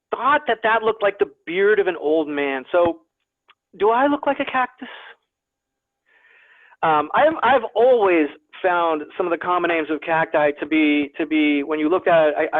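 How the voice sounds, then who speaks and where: A man with a high voice gives a guest lecture on desert plants over a video call. He talks in a chatty way, often repeats himself, and jokes at his own expense. The audio is tinny and phone-like, with a dry sound and no room echo. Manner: chatty, self-deprecating humor, repeats words. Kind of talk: online lecture to a naturalist club.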